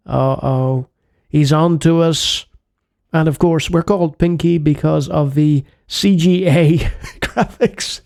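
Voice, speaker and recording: A man's voice: on the high side, fairly even intonation, slow pace, vocal fry, a little mellow, no room sound. A man hosting a retro game channel, giving playful let's-play commentary with jokey asides.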